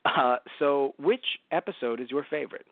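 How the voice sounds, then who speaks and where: A man's voice: medium pitch, normal speed, dry recording. Rambling, swearing podcast guy on a tinny line. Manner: rambling, swears a lot, animated. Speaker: podcast co-host. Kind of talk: casual review chat. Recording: dry, phone-like narrow audio.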